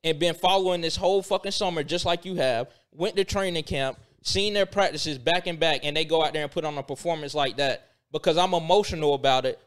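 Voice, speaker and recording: A man's voice: a little high, brisk, few pauses, clean tone. A man co-hosting a sports podcast, emotional and exasperated, often laughing in disbelief during a heated casual debate. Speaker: podcast co-host.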